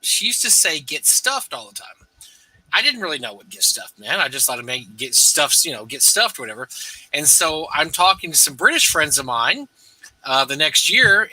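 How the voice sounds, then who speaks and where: Man, very bright lively voice, dry sound from off the mic, rambling storyteller. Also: on the high side, distant mic, poor audio. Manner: rambling storyteller, self-deprecating. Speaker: co-host. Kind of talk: casual live-stream chat.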